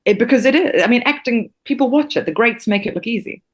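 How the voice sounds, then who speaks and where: A woman's voice: a little high, animated, fast talker. A woman from New Zealand, a podcast guest who teaches acting, talking with passion and emphasis and swearing freely. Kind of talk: podcast interview.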